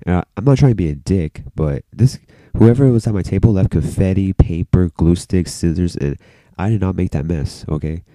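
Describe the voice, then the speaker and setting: A male vlogger tells a story straight to camera in a loose, rambling way, swearing freely and leaning on "like." His voice sits low and very dark and mellow. The sound is dry and close. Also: normal speed, dry recording. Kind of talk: casual storytime vlog.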